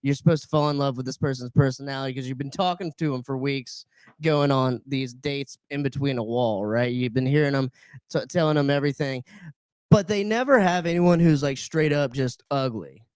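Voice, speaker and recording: A man's voice: mid-range voice, fairly quick, darkish tone, clean tone, no echo. A man co-hosting a podcast in casual chat, rambling and repeating himself as he builds a point. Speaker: podcast co-host.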